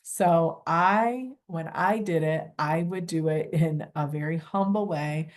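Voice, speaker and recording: A woman's voice: low voice, takes it slowly. A middle-aged woman who coordinates volunteers, giving a conversational training talk in a humble manner. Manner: humble, conversational, acts out phone calls.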